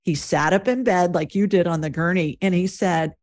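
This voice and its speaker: Female podcast host, somewhat low pitch; reflective, conversational. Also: normal speed, darkish tone. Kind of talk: conversational interview.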